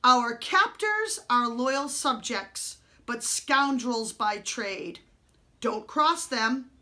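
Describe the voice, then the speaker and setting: A woman's voice: on the high side, animated, drawn-out words, pushed and bright, exaggerated voice. A woman voicing a clever, bold orphan boy from the streets who speaks firmly and commandingly.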